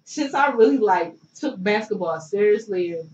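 A woman's voice: mid-range voice, lively intonation, moderate pace, a little mellow. A young woman from Philadelphia, a former pro basketball player, telling her story as an interview guest in a loose, chatty way full of likes and you knows. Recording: roomy, distant, dull sound with faint noise.

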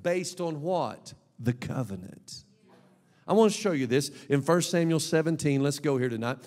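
Brief: high-pitched male pastor, emphatic sermon delivery, long church-hall reverb. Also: animated, normal speed. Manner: emphatic, swings between soft asides and loud exhortation. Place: church sanctuary.

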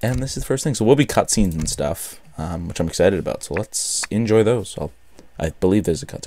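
Young man, let's-play commentary, low voice, chatty, self-deprecating. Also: animated, a little fast, dark tone, no echo, studio quality. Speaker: gaming host.

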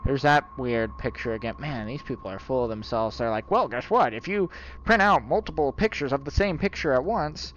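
A man's voice: medium pitch, brisk, a bit bright, muffled recording, slight background noise. A man playing a horror game and commenting, joking at the game's portraits and yelping when startled. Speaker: gaming YouTuber.

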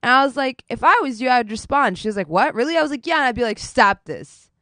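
A woman's voice: a little high, lively intonation, fast, bright, forceful tone, dry recording. A woman streaming, chatting casually with her viewers while doing her makeup, telling a story animatedly and swearing often.

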